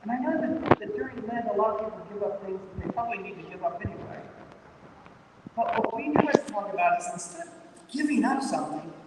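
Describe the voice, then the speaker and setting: A man's voice: lively intonation, fast talker. A man preaching a sermon in a conversational way, often repeating himself and adding "you know" and "maybe". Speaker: pastor. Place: large church sanctuary. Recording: echoey church hall from far off, faint rumble.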